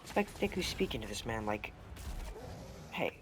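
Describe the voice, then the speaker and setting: A young man who makes gaming videos rambles through a story while playing, correcting himself along the way. His voice is lowish, very animated and fast, set against a noisy background.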